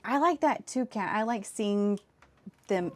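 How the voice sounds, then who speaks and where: Low-key woman streamer chatting while crafting. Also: unhurried, slight background noise. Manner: low-key, even delivery that viewers call monotone; thinks aloud and answers chat. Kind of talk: casual chat while crafting on a live stream.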